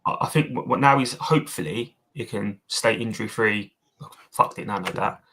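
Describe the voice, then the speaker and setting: A man gives blunt opinions on a loose football fan podcast, swearing and calling his co-host mate. His voice is low, forceful and husky, with a hard edge. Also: a little fast. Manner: blunt, matey, swearing, says mate a lot. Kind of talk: casual fan podcast chat.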